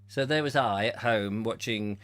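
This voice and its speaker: A man's voice: on the low side, moderate pace, a bit bright. A man hosting a comic live chat show, rambling and silly in his banter. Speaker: host.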